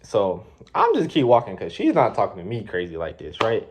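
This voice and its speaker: A man's voice: lowish voice, huge pitch swings, brisk, darkish tone, a little hiss or hum. A man in his twenties telling a casual, slangy story with plenty of swearing and rambling asides. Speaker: vlogger. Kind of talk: storytime vlog.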